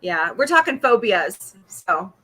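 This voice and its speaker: A middle-aged woman hosts a loose, casual livestream chat, jumping between topics and laughing often. Her voice sounds bright, and she answers viewers' comments as she goes. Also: mid-range voice, very animated, slow. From Missouri. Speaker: podcast host.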